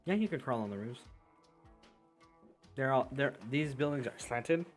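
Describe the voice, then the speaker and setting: A man's voice: mid-range voice, lively intonation, normal speed, faint music behind. A man running a tabletop game as game master over a voice call, casually explaining rules and the map. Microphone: headset or desk mic on a voice call.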